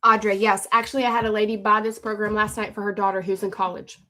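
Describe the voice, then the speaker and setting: A woman hosting a phone live stream, pitching her courses fast and urgently, repeating herself and calling out viewers by name. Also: flat delivery, pushed and bright. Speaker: livestream host selling online courses.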